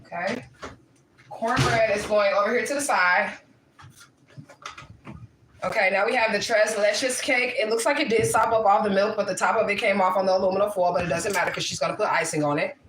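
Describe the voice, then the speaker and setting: Loud, profane mother in an echoey kitchen. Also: medium pitch, brisk. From Midwest US, St. Louis area. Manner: loud, profane, laughing banter. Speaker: livestream host cooking with her daughter. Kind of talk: casual livestream chat while cooking. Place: home kitchen. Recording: echoey kitchen, faint noise.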